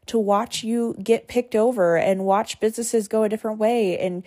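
This solo podcast host is a woman in her twenties whose mid-range, mellow voice moves at a moderate pace with fairly even intonation. She's open and heartfelt, speaking frankly and throwing in some casual profanity.

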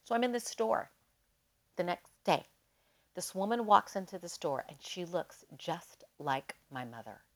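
Podcast guest, woman, slightly low voice, animated storyteller, lots of "like". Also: unhurried. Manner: animated, emotional storyteller who leans on "like". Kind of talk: casual interview storytelling.

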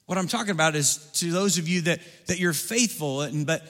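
A man preaching a sermon as pastor, building through repeated phrases and dropping his voice low to press a point. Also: brisk, a bit bright. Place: church sanctuary. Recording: hall reverb from a church.

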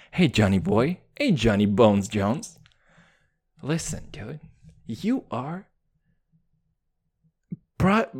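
A man from Russia delivering a rambling, profane comedic rant, riffing on tangents and calling the listener dude. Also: mid-range voice. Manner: animated, calls the listener dude.

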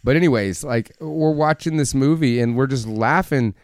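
A man's voice: medium pitch, normal speed, darkish tone. A man with a mid-range voice banters on a casual podcast, swearing freely and laughing along. He sounds close, in a dry space with little echo. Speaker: podcast co-host. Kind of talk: casual movie-review chat.

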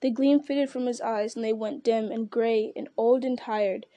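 A woman narrating a novel aloud in a measured, steady storytelling manner. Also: a little high, dry recording, dull audio. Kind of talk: audiobook reading.

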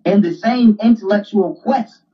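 A man's voice: sits high, measured pace. An insistent man lectures through a heated argument, circling back over the same phrases to hammer his point home. He sits some way back from the microphone. The recording sounds dull and lo-fi. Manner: insistent, repeats himself, lectures. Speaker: debater. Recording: distant dull lo-fi mic.

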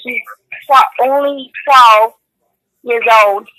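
A woman's voice: a little high, steady tone, takes it slowly, bright, forceful tone, rough recording. A woman calling into a chat show, talking in a hesitant, stumbling way. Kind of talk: casual phone chat.

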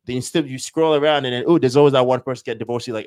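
A man's voice: mid-range voice, quick pace, few pauses, darkish tone, clear, resonant tone, dry recording. A man hosting a podcast, giving a joking, preachy motivational monologue and acting out little everyday dialogues. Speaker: podcast host.

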